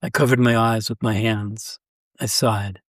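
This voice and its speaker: A man reading a first-person short story aloud in a measured, even storytelling voice. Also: on the low side, no room sound. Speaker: story reader. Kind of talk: scripted narration of a short story.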